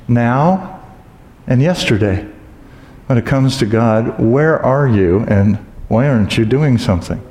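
A man preaching a sermon as pastor, telling stories with humor and acting out loud exclamations. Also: medium pitch. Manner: humorous storytelling, acts out exclamations. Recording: echoey hall with long reverb.

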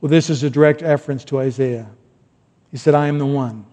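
A middle-aged man preaching a sermon in a relaxed, conversational way, with rambling asides and bursts of loud emphasis. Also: medium pitch, a little fast. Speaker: pastor. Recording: long hall reverb.

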